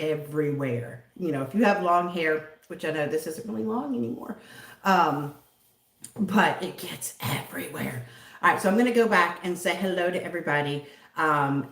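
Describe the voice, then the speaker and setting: A woman from the southern United States hosts a livestream, her lowish voice set in an echoey room. She chats casually and giggles while greeting viewers by name.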